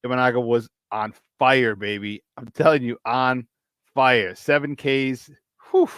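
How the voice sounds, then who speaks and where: A man's voice: medium pitch, fairly even intonation, measured pace, a bit bright, clear, resonant tone, no echo. Chatty upbeat man hosting sports talk. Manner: upbeat, chatty, repeats words, laughs often. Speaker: sports talk show host. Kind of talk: casual morning sports talk.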